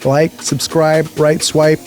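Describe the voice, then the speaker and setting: A man's voice: a little high, takes it slowly, faint music behind. A young man telling a rowdy story in casual, profane talk, acting out what other people said. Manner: profane, animated, acts out other people's lines. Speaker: podcast host.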